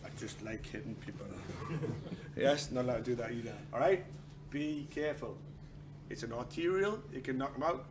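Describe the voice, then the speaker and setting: A man's voice: medium pitch, normal speed. A man teaching a martial arts class, joking and swearing and acting out other people's lines. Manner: joking, swears, acts out quotes. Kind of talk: class instruction with humor. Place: training hall. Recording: echoey hall with noise.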